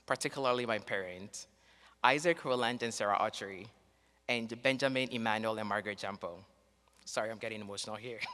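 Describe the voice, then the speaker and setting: A man giving an earnest, measured commencement speech as a graduating student, read from a script in a large ceremony hall. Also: mid-range voice, sharp tone. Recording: long reverb in a large hall.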